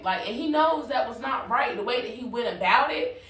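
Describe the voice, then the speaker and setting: A fairly high-voiced woman tells a storytime tale to her channel in a loose, conversational way, swearing freely and checking in with "you feel me." Her voice is set back from the mic, and the room around her rings with echo. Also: animated, normal speed, a bit bright. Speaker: vlogger. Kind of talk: casual storytime. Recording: echoey room, voice from a distance from the mic.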